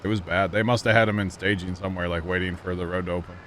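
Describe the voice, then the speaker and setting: A man's voice: sits low, little pitch movement, rapid-fire, fairly bright tone, slight background noise. A man hosting a farming game livestream, chatting casually, rambling and laughing at his own stories. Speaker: livestream host. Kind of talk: casual gaming stream chat.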